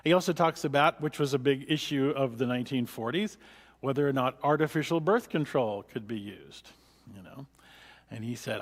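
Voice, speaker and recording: A man's voice: medium pitch, normal speed. A man, a pastor, teaching a church book study in a rambling, conversational way with many fillers. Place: church hall. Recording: long church-hall reverb.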